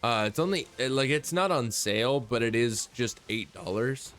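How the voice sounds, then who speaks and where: A man's voice: medium pitch, lively intonation, moderate pace, a bit bright, faint music behind. A man chatting casually on a stream, rambling and laid-back and swearing freely.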